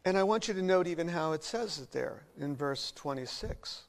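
High-voiced male preacher. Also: moderate pace, creaky. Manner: expressive preaching with wide swings in loudness. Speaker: pastor. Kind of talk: sermon.

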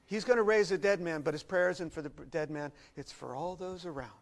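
A man preaching a sermon, earnest and expressive, dropping to quiet reflection and rising to loud emphasis. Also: on the high side, brisk, gravelly, rough recording.

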